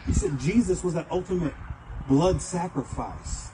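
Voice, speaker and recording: Animated high-voiced preacher. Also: male voice, noisy background. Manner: animated storytelling, acts out voices, fast bursts. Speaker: pastor. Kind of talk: sermon. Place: church.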